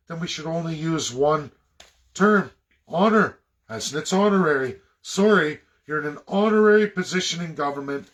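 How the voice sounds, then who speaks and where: A man from Canada delivering an impassioned, preachy monologue, swinging between loud outbursts and low muttering. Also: normal speed. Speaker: political commentator.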